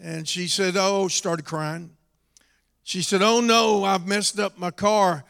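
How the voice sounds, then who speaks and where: A high-pitched, gravelly middle-aged man delivers a slow, drawn-out sermon. He moves from hushed storytelling to shouted preaching, and his voice rings with the long reverb of a church hall. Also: steady tone. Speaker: pastor.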